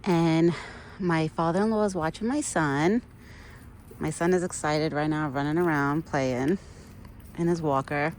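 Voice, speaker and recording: A young woman with a slightly low, darkish voice speaks a little slowly into her phone camera while standing on a trail, chatting casually for a vlog as she feeds a wild deer. She rambles in a friendly way and talks sweetly to the animal, with outdoor ambience and passing vehicles clearly audible in the noisy phone recording.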